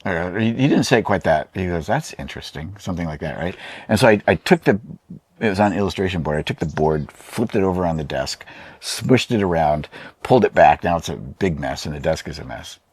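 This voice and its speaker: A man's voice: low voice, lively intonation, a little fast, slightly rough, no echo. A man, an artist being interviewed, talking casually in a rambling, hesitant way with many fillers and restarts. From Oregon, USA. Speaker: artist and painter.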